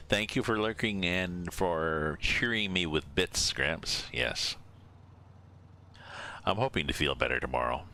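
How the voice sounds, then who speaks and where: A man's voice: a bass voice, lively intonation, takes it slowly, long pauses, bright, forceful tone. A man streaming a truck driving game, chatting casually and musing aloud as he reads out viewer names from a desk mic. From Canada. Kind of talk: casual live-stream chat while driving a truck sim.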